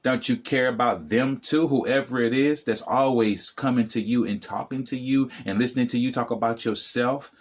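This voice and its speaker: A man's voice: medium pitch, moderate pace, hardly any pauses. A middle-aged man giving a motivational talk to the camera as a spiritual vlogger, preachy and repetitive, addressing the viewer directly.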